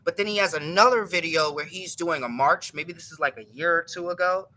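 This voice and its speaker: Male host, very bright tense timbre, loose rambling storyteller who keeps correcting himself. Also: fairly high pitch, fairly quick, poor audio. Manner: rambling, self-correcting, chuckling retelling. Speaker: show host. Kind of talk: casual storytelling.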